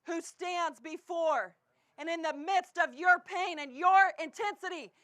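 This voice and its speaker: A woman with a Canadian accent preaching a sermon in a church, swinging between impassioned shouting and a hushed, low delivery. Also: measured pace. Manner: impassioned preaching, often shouting, then dropping to a hush. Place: church sanctuary.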